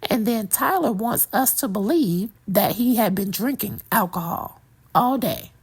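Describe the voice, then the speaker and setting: A woman's voice: mid-range voice, animated, measured pace, husky. A woman giving an opinionated, sassy movie review in a casual chatty way, talking straight to her viewers. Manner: sassy, opinionated, talks to viewer as "girl" and "child".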